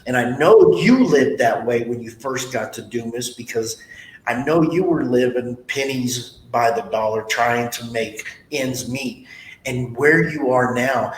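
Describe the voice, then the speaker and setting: Give me a motivational man interviewing a guest, in an echoey room. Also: unhurried. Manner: blunt, motivational, tells stories. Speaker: podcast host, sales trainer. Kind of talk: casual interview talk. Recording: echoey room with faint rumble.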